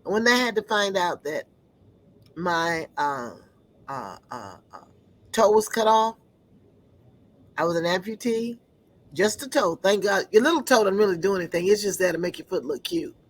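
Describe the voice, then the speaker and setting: A woman giving an earnest personal testimony, often pausing to search for words. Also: mid-range voice, big pitch swings, poor audio.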